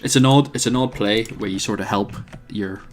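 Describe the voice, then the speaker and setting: Playing a strategy game, a man narrates his moves and thinks aloud, hesitating often and tossing in dry remarks. He speaks at normal speed in a lowish voice.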